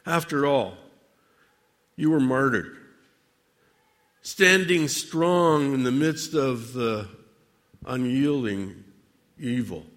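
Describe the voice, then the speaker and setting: Slow, theatrical preacher man in a hall. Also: mid-range voice, fairly bright tone. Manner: slow, measured, theatrical delivery with long pauses. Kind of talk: dramatic sermon monologue addressed to God.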